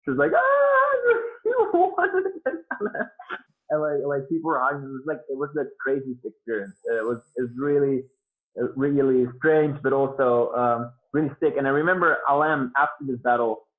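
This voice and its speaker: A man's voice: medium pitch, fairly even intonation, fairly quick. A man talking casually as a podcast guest, rambling with lots of fillers and restarts. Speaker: guest beatboxer. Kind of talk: casual interview talk. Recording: tinny phone-like line.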